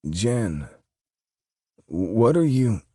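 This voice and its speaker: A man voicing a groggy, injured young man who croaks in a hoarse voice and bursts out flustered. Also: sits low, measured pace, a little mellow, dry recording, clean studio sound, pitched above the performer's own voice.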